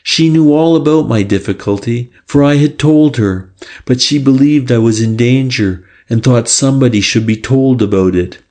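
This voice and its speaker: A man's voice: medium pitch, moderate pace, warm tone, close to an everyday voice. A man reading aloud, voicing a nervous young woman with a Lancashire accent who speaks anxiously and pleadingly. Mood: fearful.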